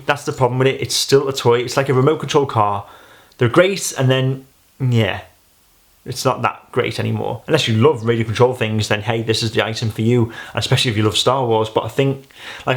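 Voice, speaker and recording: Guy with a gravelly voice chatting thru a toy review, keeps saying you know. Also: mid-range voice. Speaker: gadget reviewer. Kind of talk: casual unboxing review.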